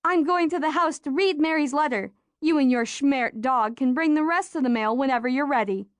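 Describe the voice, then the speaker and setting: A woman voicing a spirited, sharp-tongued young girl in an audiobook. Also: high-pitched, fairly quick, no echo, natural voice. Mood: excited. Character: spirited young girl, quick to tease and scold. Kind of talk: audiobook character voice.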